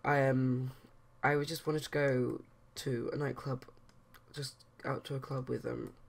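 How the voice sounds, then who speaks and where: A woman's voice: rumbling low, little pitch movement, measured pace, gravelly, breathy edge, exaggerated voice. A woman voicing a flustered young woman Sim who is upset after a date, speaking in a breathless rush.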